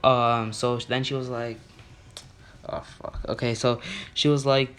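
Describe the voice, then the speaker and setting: A man's voice: mid-range voice, level tone, a little slow, long pauses, fairly bright tone. Rambling guy telling a school story. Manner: rambling, full of fillers and restarts. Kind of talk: casual storytime vlog.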